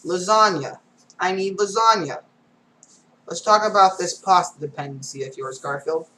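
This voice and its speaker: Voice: mid-range voice, moderate pace, sharp tone, low-quality recording. A reader going through comic strips aloud, reading every panel and sound effect, with casual asides.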